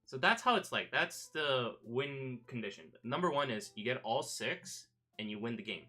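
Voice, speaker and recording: A man's voice: mid-range voice, lively intonation, normal speed, sharp tone. A man streaming casual chat, rambling through a story with many fillers and restarts. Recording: faint background music.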